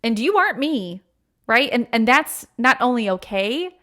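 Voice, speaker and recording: Woman host, thirties, slightly high voice, earnest and emotional, heavy fillers, personal podcast monologue. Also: very animated, unhurried, bright, forceful tone. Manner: acts out quoted voices with sudden pitch jumps.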